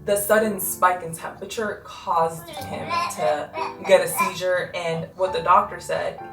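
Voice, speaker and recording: A young woman and mother telling an emotional story to her viewers, animated, full of fillers, talking straight to them. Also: on the low side, measured pace, gravelly. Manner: animated, lots of fillers, addresses viewers directly. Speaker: vlogger, mother. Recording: echoey room, mic at a distance, music behind.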